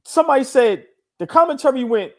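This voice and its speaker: A man's voice: very high voice, expressive, a little fast, darkish tone. A man co-hosting a casual sports podcast, rambling with many restarts and repeated calls to listen. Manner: rambling, restarts a lot, says "listen" often. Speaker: podcast co-host.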